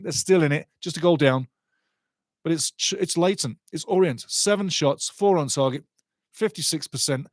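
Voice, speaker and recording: With a fairly high voice and no audible room sound, a man hosts a live football watch-along. He keeps up a chatty flow while reading out scores and match statistics.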